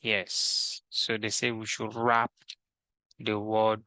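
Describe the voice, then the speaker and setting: Speaking low and with a completely flat delivery, a man with a sharp tone leads a screen-recorded coding tutorial, and there's no echo. He reads each task aloud slowly and methodically, then talks through his steps.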